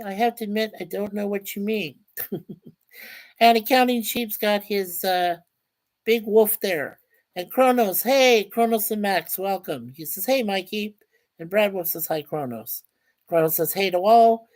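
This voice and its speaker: A man's voice: high-pitched, unhurried. A chatty man hosts a casual livestream in an easygoing, rambling way. He reads out viewer comments, welcomes people one by one, and trips over his words now and then. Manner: chatty, stumbles and repeats words. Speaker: livestream host.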